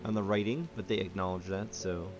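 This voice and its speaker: A man's voice: low-pitched, fairly even intonation, a little fast. A man reviewing a puzzle game, thinking aloud in let's-play commentary with musing asides and restarts, with game music playing behind.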